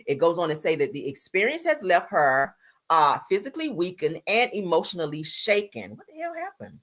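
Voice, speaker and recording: Sassy, lively woman streamer. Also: on the low side, a little fast. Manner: sassy, blunt, swearing, calls viewers "honey" and "girl". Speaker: live-stream host. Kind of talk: casual gossip commentary.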